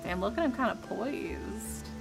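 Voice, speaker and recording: A woman's voice: mid-range voice, expressive, unhurried, vocal fry, loud music behind the voice, rough recording. A young woman streaming a horror game, reading the narration and gushing casually between lines. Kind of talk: reading a game aloud with comments.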